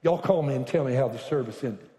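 A man preaching a sermon as pastor, telling stories with joking asides that build to loud bursts. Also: mid-range voice, fast talker, a crowd in the background. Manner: animated storytelling with joking asides, bursts to shouting. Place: church sanctuary. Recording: echoey reverberant hall.

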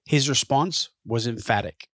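A man's voice: mid-range voice, unhurried, no echo, studio quality. A man hosting, reading scripted narration and asking interview questions. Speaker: host and interviewer.

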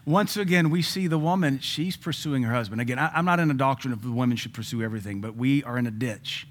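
A male pastor in the middle of a sermon, playful and quick with a joke. His voice sits at an everyday middle pitch, and he punctuates his points with amens. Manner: joking, punchy preaching with frequent amens.

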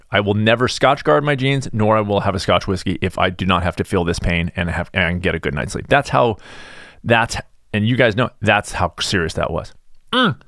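A middle-aged man talks through a casual solo podcast in a low voice, rambling and self-deprecating, with animated little tangents. The sound is dry and close, with no room around him. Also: no room sound. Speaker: podcast host.

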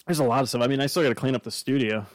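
A man's voice: mid-range voice, rapid-fire, no room sound. Rambling jokey man, dry close sound. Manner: rambling, jokey, swears, does silly voices. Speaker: podcast host. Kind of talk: casual chat.

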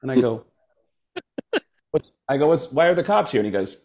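Animated male comedian telling stories. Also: mid-range voice, measured pace, long pauses. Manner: animated, acts out voices in stories. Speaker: stand-up comedian guest. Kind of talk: casual storytelling chat.

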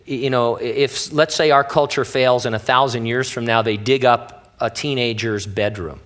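A man's voice: medium pitch, fairly even intonation, normal speed, fairly bright tone. A man preaching as a pastor, teaching through a Bible passage in a casual, wry way with playful asides.

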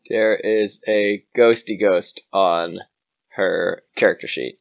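A game master narrating a tabletop game in a relaxed, easygoing way, laughing easily. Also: sits low, slow, vocal fry.

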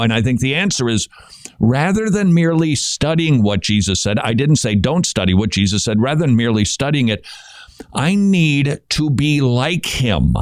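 A man's voice: medium pitch, expressive, normal speed, no room sound, clean studio sound. A man hosting a Christian talk show, giving earnest casual commentary on Bible passages, often stammering and restarting mid-thought. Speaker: Christian podcast host.

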